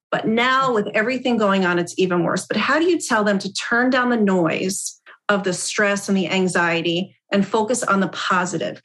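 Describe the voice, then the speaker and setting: A middle-aged woman hosting a podcast interview, chatting in an animated way and laughing through her stories. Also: medium pitch. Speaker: podcast host. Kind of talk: casual interview chat.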